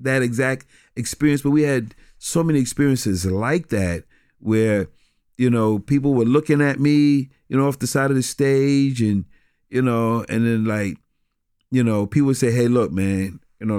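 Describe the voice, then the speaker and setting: A middle-aged man telling stories from his years in street ministry, animated, with many restarts. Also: medium pitch, moderate pace, clear, resonant tone, dry recording, studio quality. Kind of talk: conversational storytelling.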